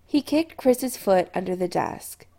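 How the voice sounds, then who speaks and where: Expressive woman narrating a story. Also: fairly low pitch, a little slow. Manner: expressive storytelling with lively intonation. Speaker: audiobook narrator. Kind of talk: scripted narration.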